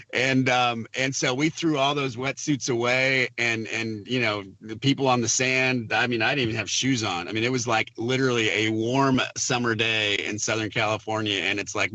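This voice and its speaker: A man, a film producer, telling a lively behind-the-scenes story in an interview, acting out the quoted lines. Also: medium pitch, dry recording. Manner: animated storyteller, acts out quotes with laughs.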